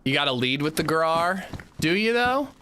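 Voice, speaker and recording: A man's voice: a little high, big pitch swings, moderate pace, pushed and bright, a little hiss or hum. A man streaming a game, chatting casually and reading chat aloud. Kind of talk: casual livestream chat while gaming.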